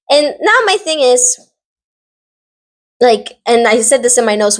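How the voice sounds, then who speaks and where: A young adult woman casually recapping a show, rambling with lots of fillers and sassy asides. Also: on the high side. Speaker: vlogger recapping a drama series.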